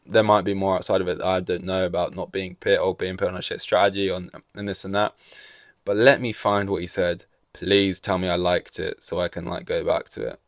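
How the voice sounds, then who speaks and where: A man's voice: deep voice, level tone, brisk, no echo, studio quality. A young man hosting a podcast, ranting casually and sarcastically, swearing freely. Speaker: podcast host. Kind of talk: casual solo podcast commentary.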